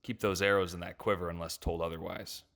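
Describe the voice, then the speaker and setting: A woman's voice: extremely low pitch, steady tone, brisk, gravelly, a bit bright, pitched below the performer's own voice, exaggerated voice. A woman voicing a stern male sky-ship captain who gives curt, clipped commands. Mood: commanding. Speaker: narrator voicing characters.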